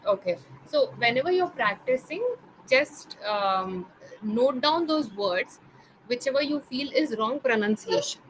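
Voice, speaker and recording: Young tutor lady, bright kinda high voice, patient, spells stuff out, slight hiss. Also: lively intonation, unhurried, rough recording. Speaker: English tutor. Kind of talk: online pronunciation lesson.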